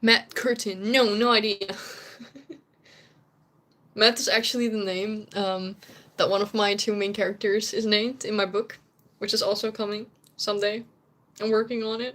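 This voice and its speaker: A woman's voice: medium pitch, steady tone, unhurried, a bit bright. A young Dutch woman, whose first language is Dutch, chatting casually with viewers on a stream, laughing often and sometimes searching for English words. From Netherlands.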